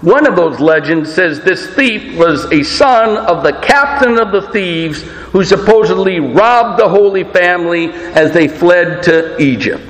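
A male pastor preaching a sermon with emphatic, deliberate delivery, his voice rising and falling. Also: high voice, animated, fairly bright tone. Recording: echoey church hall with long reverb.

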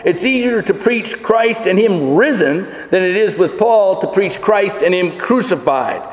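A man's voice: high-pitched, lively intonation, unhurried. A man preaching a sermon as pastor, emphatic and full of rhetorical questions with dry asides. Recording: echoey church hall with long reverb.

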